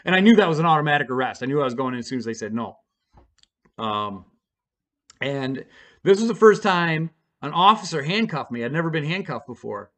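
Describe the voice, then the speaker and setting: A man casually telling a personal story to camera, rambling and self-deprecating with halting restarts. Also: on the high side, lively intonation, a bit bright.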